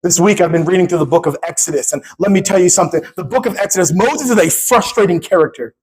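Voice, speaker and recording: A man in his thirties, a pastor preaching a sermon, who swings from quiet talk to shouting and acts out the dialogue in his stories. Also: high voice, fast, few pauses, husky, low-quality recording.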